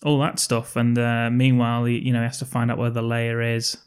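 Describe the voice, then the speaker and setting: A man's voice: mid-range voice, monotone, fairly quick, clean tone. Picture a man in mid-register chatting on a comedy podcast. He recaps a film plot in loose banter, swearing casually and cracking jokes as he goes. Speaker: podcast co-host.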